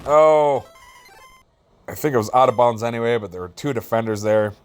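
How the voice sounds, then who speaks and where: A man doing relaxed, jokey play-by-play commentary over a video football game, with self-deprecating asides. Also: medium pitch, moderate pace, clear, resonant tone, faint music behind.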